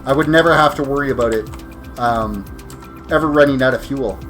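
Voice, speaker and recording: He talks a little fast in a slightly bright, mid-range voice, with faint music behind him. The exhausted streamer rambles casually to viewers during live gameplay, repeatedly correcting himself.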